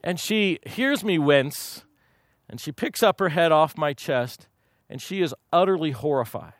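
In a slightly high voice and at a measured pace, a preacher from Kansas, USA, livens up his sermon with folksy, comic tales from his life. The studio-quality recording has no room sound at all.

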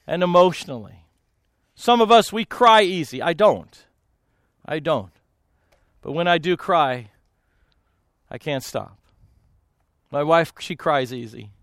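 Man, pastor, storytelling talk, animated, laughs often, high-pitched, dry close mic. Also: slow pace, pauses often, no room sound. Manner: animated, laughs often, acts out quoted voices.

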